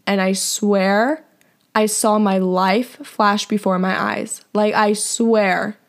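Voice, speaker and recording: A young woman hosting a podcast and telling a personal story in a casual, animated way, full of "like" fillers. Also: mid-range voice, slow, vocal fry. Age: young adult. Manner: chatty, heavy on "like" fillers; animated, acts out quoted voices. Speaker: podcast host.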